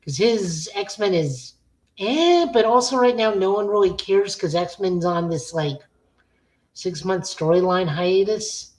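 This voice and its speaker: A woman co-hosts a podcast, casually chatting about comics and giving opinionated takes full of fillers. Her mid-range voice is animated, slow, and a little mellow, though the audio is poor.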